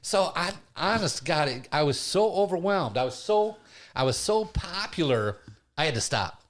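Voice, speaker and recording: A middle-aged man with a fairly high, lively voice, swinging his pitch up and down as he tells a funny story. He talks in a gregarious, animated way, hosting a casual studio chat. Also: normal speed. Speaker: podcast host and comedian.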